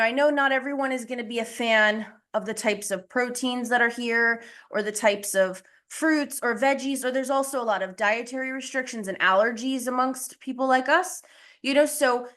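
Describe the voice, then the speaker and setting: In a casual live video-call class, a young woman acting as coach talks at a normal speed in a fairly high, fairly bright voice. She's chatty and self-mocking and sounds slightly out of breath.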